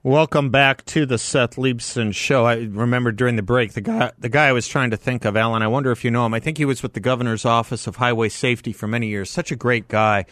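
A man's voice: medium pitch, fairly even intonation, quick pace, hardly any pauses, a bit bright, no room sound, clean studio sound. A man in his fifties hosting a call-in radio talk show, chatty, laughing often and commenting on the news he reads.

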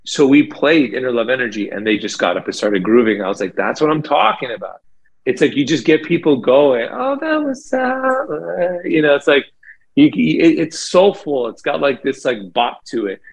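Middle-aged male singer, gravelly and a little husky, animated, talks in loose fillers. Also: medium pitch, fairly quick, poor audio. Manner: enthusiastic, animated storytelling with many fillers. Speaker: lead singer of a band, guest. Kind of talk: casual interview chat.

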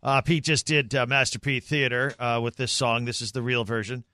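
A man's voice: mid-range voice, level tone, normal speed, sharp tone, no room sound, clean studio sound. A man co-hosting a sports radio show, joking playfully and acting confused in casual banter. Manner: playful, jokey, feigning confusion.

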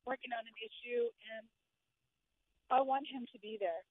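A woman's voice: on the high side, normal speed, dry recording. Brief: older female caller, breathless and earnest, raised voice, tinny phone line. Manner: earnest, talking between breaths.

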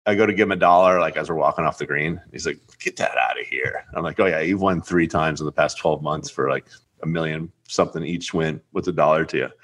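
Young male host, forceful, bright tone, animated storyteller. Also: fast. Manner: animated, acts out quotes with big jumps up in pitch. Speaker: podcast host. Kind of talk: casual storytelling.

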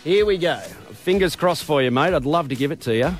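Excitable aussie bloke hosting breakfast radio, high pitched, music playing under him. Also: male voice, fairly quick. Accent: Australian. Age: 30s. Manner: exuberant, shouting with excitement, says mate often. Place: radio studio.

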